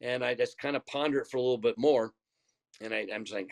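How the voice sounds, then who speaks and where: An older man spins a long anecdote in a relaxed, conversational way. He stumbles and repeats words as he goes, slipping into the voices of the people in his story. His pitch sits right in the ordinary middle for a man. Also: fast talker, vocal fry. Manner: rambling, repeats words, acts out quoted dialogue. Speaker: former baseball pitcher, guest.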